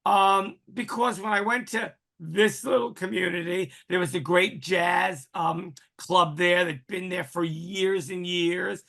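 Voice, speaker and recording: A man in his sixties talks in a high, bright voice on a podcast. He is animated and flamboyant, loses his train of thought and bursts into dramatic exclamations. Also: slow pace, creaky, hardly any pauses. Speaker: podcast guest. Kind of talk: casual podcast conversation.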